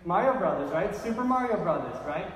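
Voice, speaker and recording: Delivering a sermon as pastor, a man speaks briskly with a high-pitched, animated voice. He keeps it conversational, repeatedly asking "right?", and the recording picks him up from a distant mic in an echoey hall.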